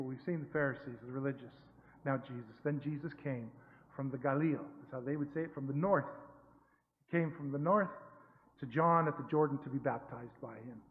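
A man preaching a conversational sermon, correcting himself often and rising to emphatic bursts. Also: on the high side. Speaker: pastor. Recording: tinny phone-like sound with long hall reverb.

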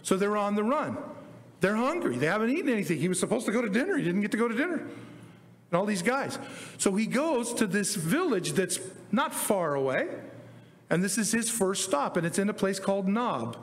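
A man's voice: high-pitched, very animated, brisk. A man preaching a casual sermon, retelling scripture stories in a chatty way and acting out the dialogue in slang. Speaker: pastor. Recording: long hall reverb.

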